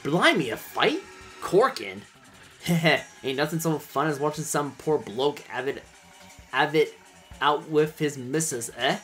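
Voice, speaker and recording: A man's voice: a little high, expressive, slow, a bit bright, soft background music. A man voicing a rowdy male bomb onlooker in a game, jeering and slangy.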